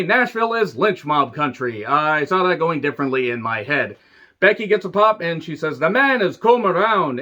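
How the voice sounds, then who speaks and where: Sarcastic man in his forties, bright voice. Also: a little high. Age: 40s. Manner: sarcastic, profane, rambling. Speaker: wrestling show reviewer. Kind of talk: casual commentary. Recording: dull lo-fi recording.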